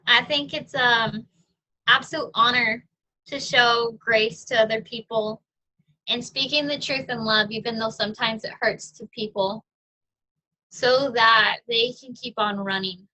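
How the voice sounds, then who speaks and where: A woman's voice: on the high side, steady tone, unhurried, bright, forceful tone, rough recording. A young adult woman, a guest speaker, giving a casual, chatty personal testimony with fillers and frequent laughs.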